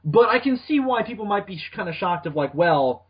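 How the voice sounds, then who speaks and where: A man's voice: high voice, animated, quick pace, breathy edge. A man co-hosting a podcast in casual comedic chat, joking, laughing often and swearing. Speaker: podcast co-host. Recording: dull lo-fi sound.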